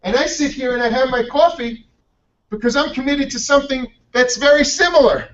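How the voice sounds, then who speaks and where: Man doing an amused older neighbor, teasing with a laugh, high voice, muffled and distant. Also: a little fast, fairly bright tone. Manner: chuckling, teasing.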